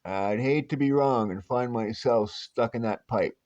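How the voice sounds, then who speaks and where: A man's voice: medium pitch, measured pace, a little mellow, lo-fi sound, lightly acted. A man reading as a wisecracking hero detective. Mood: curious. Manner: breezy, jokey delivery. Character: stretchy male superhero detective, wisecracking and upbeat.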